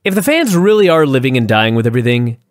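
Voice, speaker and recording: Lively, profane male podcast co-host. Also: medium pitch, quick pace, no room sound, clean studio sound. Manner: profane, animated, sarcastic. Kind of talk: casual review chat.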